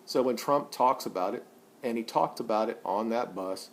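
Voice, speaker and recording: A man in his forties vlogging an opinion monologue, blunt and profane, rambling with many restarts, and rising loud and high when he gets worked up. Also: moderate pace, slight background noise. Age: 40s.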